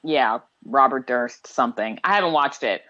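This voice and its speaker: A woman's voice: rumbling low, normal speed, fairly bright tone, lo-fi sound. A woman co-hosting a casual podcast chat, steering the conversation in a matter-of-fact way. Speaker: podcast co-host.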